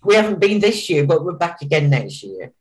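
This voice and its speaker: A woman's voice: sits low, very animated, fairly quick, a little mellow, poor audio. An older woman, a charity founder chatting as a guest on an interview podcast. She is plain-spoken, chatty and laughs often. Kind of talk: casual interview chat.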